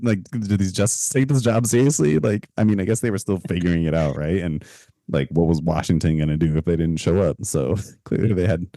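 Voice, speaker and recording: A man co-hosting a podcast in a relaxed, chatty way, full of fillers and light laughs. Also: low voice, dry recording. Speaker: podcast co-host. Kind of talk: casual podcast chat.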